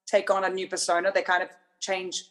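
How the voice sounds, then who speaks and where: A woman's voice: on the low side, monotone, brisk, fairly bright tone. A woman songwriter chatting casually as a podcast guest, talkative and self-mocking, laughing often.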